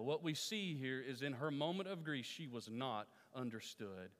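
A man's voice: mid-range voice, animated, normal speed, hardly any pauses, fairly bright tone. A male pastor preaching a sermon to his congregation, putting questions to the listeners and repeating his phrases. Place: church sanctuary. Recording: long reverb of a church hall.

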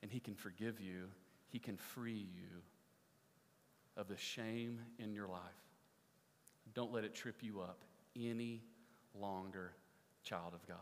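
A man's voice: lowish voice, steady tone, slow pace, long pauses, a little hiss or hum. A man preaching a sermon, telling a story with energy and asking the congregation questions. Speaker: pastor. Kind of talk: sermon with story and closing prayer. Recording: long reverb of a large hall.

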